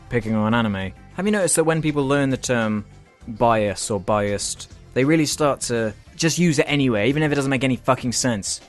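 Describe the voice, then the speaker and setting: British guy roasting comments, sarcastic and sweary, mid-pitched voice, bit of music faint underneath. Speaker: YouTuber reacting to comments. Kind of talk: sarcastic comment-reply rant.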